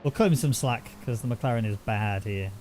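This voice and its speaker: A man's voice: mid-range voice, moderate pace, music in the background. A man doing casual, jokey sim racing commentary and banter with a co-host. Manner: chatty, jokey, teasing. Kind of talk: live race commentary and banter.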